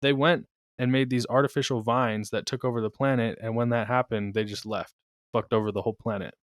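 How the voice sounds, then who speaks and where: A man's voice: medium pitch, steady tone, brisk, dry recording, studio quality. Laid-back man co-hosting a podcast. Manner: laid-back, laughs often, swears casually. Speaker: podcast co-host. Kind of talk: casual chat.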